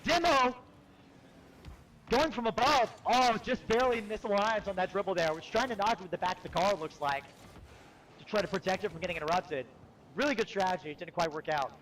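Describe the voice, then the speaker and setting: A young man provides color commentary in a high voice, breaking down plays in a relaxed, joking way. Faint background noise runs under his voice. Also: fast talker, low-quality recording. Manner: relaxed, jokey analysis.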